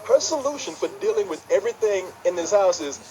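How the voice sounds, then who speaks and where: A man co-hosting a casual film review chat, emphatic and quick to laugh, stammering when he gets going. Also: high-pitched, expressive, a little mellow, low-quality recording. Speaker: podcast co-host, film reviewer.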